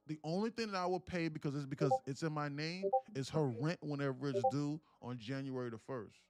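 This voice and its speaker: Animated, profane man streaming trades. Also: on the high side, fairly quick, soft background music. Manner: rambling with frequent restarts. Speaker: day trader live-streaming. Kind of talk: live-stream chat.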